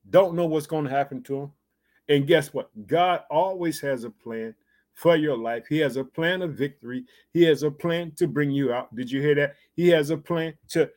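A man reading scripture aloud and breaking off to preach on it, fervently prodding his listeners with rhetorical questions. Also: a little high. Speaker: bible teacher.

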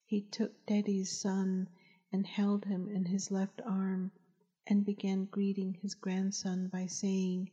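A woman, the author, reading her novel aloud in a slow, gentle storytelling manner. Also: medium pitch, monotone. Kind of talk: audiobook narration. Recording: dull lo-fi recording.

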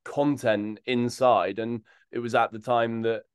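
Relaxed podcast host, dry close sound. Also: male voice, medium pitch, unhurried, clean tone, no echo. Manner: relaxed, summarizing the guest's story back to him. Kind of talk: interview questions.

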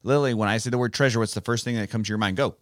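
A man's voice: fairly low pitch, rapid-fire, no echo, studio quality. A man hosting a casual Bible podcast for children, talking in a playful, teacherly way. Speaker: podcast host.

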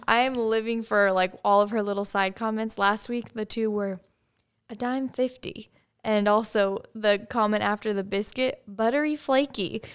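A woman's voice: mid-range voice, steady tone, moderate pace, clear, resonant tone. A woman co-hosting a podcast in casual chat, asking questions with enthusiasm. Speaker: podcast co-host.

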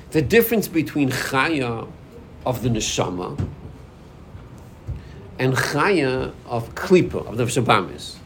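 A man's voice: fairly high pitch, a little hiss or hum. A man teaching an informal Torah class, acting out inner voices and dialogues as he explains.

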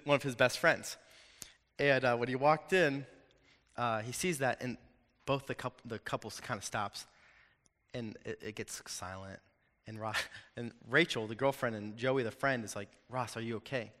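A young male preacher talks to his congregation in a loose, animated way and throws in jokes. His voice is bright and forceful. A long reverb trails off each line, as in a large hall. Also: mid-range voice. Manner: animated, conversational, jokes with the audience. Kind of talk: sermon. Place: hall with an audience.

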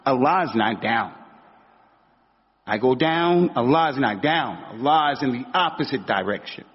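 In a dull recording with long hall reverb, a preacher speaks at a moderate pace with a medium-pitched, breathy, animated voice. He keeps the sermon casual and slangy, performing little stories as he goes.

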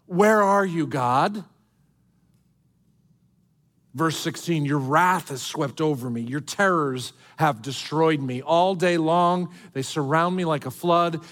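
A male pastor preaching a sermon, swinging between soft, hushed lines and emphatic outbursts. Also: fairly high pitch, normal speed, few pauses.

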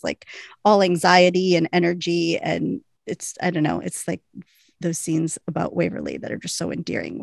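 A woman's voice: fairly low pitch, gravelly, fairly bright tone, no echo, studio quality. A young woman co-hosting a podcast, recapping episodes in a rambling, chatty way full of fillers and laughter. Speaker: podcast co-host. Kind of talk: casual recap chat.

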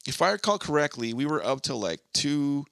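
A man's voice: fairly high pitch, fairly quick, gravelly, no room sound. A man co-hosting a casual podcast, talking in an easygoing way and often chiming in with short agreements. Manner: relaxed, chimes in with short agreements. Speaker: podcast co-host. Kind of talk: casual chat.

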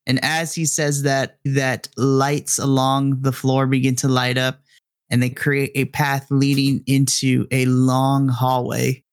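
Man, game master, tabletop narration, deliberate pacing, dry sound. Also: medium pitch, completely flat delivery, no echo. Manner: drawn-out, deliberate narration with voiced characters.

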